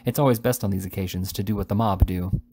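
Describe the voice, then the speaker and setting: A man voicing an earnest, courteous elderly gentleman in a storybook reading. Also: deep voice, steady tone, quick pace, slight background noise, pitched below the performer's own voice. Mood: hushed.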